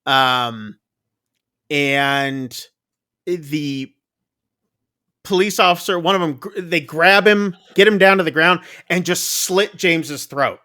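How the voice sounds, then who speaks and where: A man casually retelling a film's plot on a podcast, chatty and loose, with quick asides. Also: a little high, sharp tone, no echo, clean studio sound. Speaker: podcast co-host. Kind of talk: casual movie recap chat.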